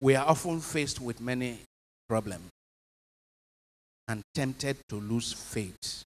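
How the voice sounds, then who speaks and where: Priest preaching in a reverberant chapel. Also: male voice, medium pitch, animated, slow. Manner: preachy, emphatic, asks the congregation questions. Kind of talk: homily.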